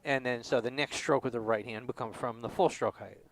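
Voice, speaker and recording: A man giving a drum lesson, explaining stroke types and counting beats out loud. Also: medium pitch, a little fast, music in the background, poor audio. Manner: explanatory, counts aloud with accents. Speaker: drum instructor. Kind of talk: demonstration lesson.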